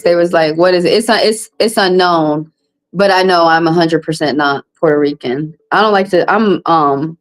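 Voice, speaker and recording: A woman, a tarot reader hosting a live stream, venting bluntly and with plenty of swearing to her viewers. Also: poor audio. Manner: blunt and profane, vents with rising pitch.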